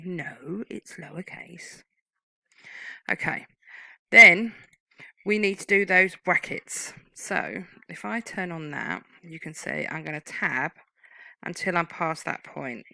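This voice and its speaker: A woman's voice: low voice, lively intonation, normal speed, gravelly, pushed and bright, dry recording, rough recording. Patient woman teaching typing. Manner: patient, explains legal terms step by step. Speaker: typing tutor. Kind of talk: screen-recorded typing lesson.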